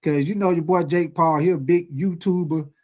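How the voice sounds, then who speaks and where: A man in his forties hosting a sports video, telling stories in a profane, animated, casual rant. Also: a little high, normal speed. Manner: profane, animated storytelling with lots of swearing.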